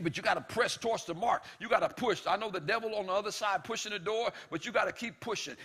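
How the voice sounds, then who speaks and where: Male preacher, high bright husky voice, emphatic and shouting, repeats phrases, speaks God's lines in dialogue. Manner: emphatic, repetitive, often shouting. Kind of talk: sermon.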